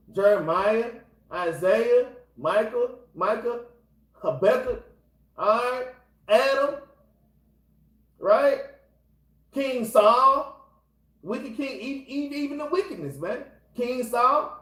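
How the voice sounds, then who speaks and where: A man's voice: very high-pitched, fairly bright tone, roomy sound, poor audio. A man leading an informal scripture class, talking casually and exhorting his listeners, constantly repeating the same filler address. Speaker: Bible class teacher.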